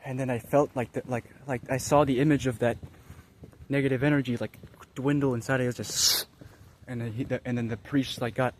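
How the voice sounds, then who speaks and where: A young man casually telling a spiritual experience, rambling and excitable, full of fillers and slang. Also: medium pitch, brisk, slight background noise. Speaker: vlogger.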